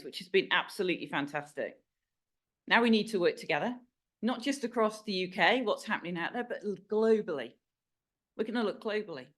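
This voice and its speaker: Woman giving an emphatic rallying speech. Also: medium pitch. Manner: emphatic, rallying, repeats key words. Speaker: corporate sponsor speaker. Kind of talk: event speech. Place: event room at a launch.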